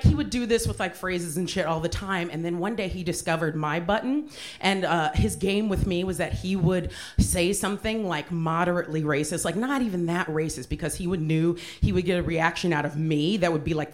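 A woman with a slightly low voice telling a personal story on a comedy podcast. She talks candidly and with lots of life, swearing freely. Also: fairly quick. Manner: candid, profane, animated. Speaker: comedian guest.

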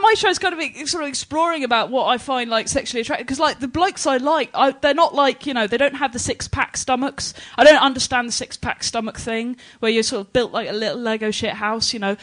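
A woman's voice: high-pitched, fairly bright tone. An English woman performing a bawdy stand-up set to a live audience, laughing often between punchlines. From England. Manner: brash, bawdy, quick punchlines with frequent laughs. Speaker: stand-up comedian. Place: live comedy stage with an audience.

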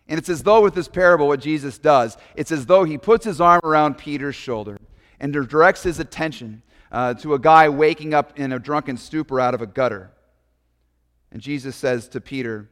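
A man's voice: fairly high pitch, moderate pace, a bit bright, big-room sound. A man, a pastor, preaching a sermon in a conversational, storytelling way with casual asides.

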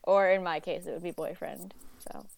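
A young woman with a New York accent co-hosting a casual debate podcast, teasing and quick to giggle. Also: on the low side, steady tone, vocal fry, no echo. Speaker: podcast co-host.

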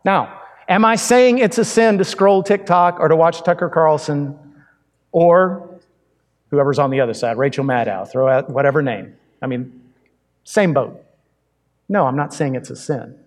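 A male pastor with a slightly high voice preaches in an easy, conversational way. He fires off rhetorical questions and swings between loud and quiet. A long reverb from a large church hall hangs on his words. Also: normal speed, pauses often. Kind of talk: sermon.

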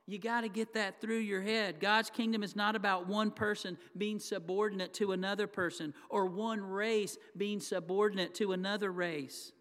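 A man's voice: high voice, fairly even intonation, moderate pace, hardly any pauses, fairly bright tone. A man preaching a sermon as pastor, talking conversationally to the congregation and acting out the quoted lines. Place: church sanctuary. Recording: long hall reverb.

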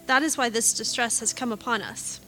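A woman reading the lines of a group of anxious grown brothers defending themselves, in a measured way. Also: fairly high pitch, sharp tone, soft background music. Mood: pleading.

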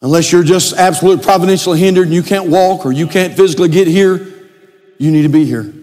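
A male pastor preaching a sermon, building to shouted emphasis. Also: high voice, fast talker. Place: church sanctuary. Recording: long hall reverb.

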